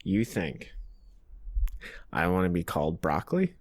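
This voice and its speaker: A man in his twenties co-hosting a comedy podcast, chatting casually with teasing, deadpan comebacks. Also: low-pitched, unhurried. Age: 20s. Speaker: podcast co-host.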